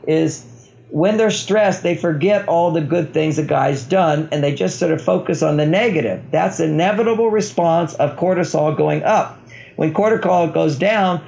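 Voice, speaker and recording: A man's voice: a little high, normal speed, creaky, darkish tone. An older man, a relationship author, explaining his ideas as an interview guest and acting out quoted dialogue. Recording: dull lo-fi sound.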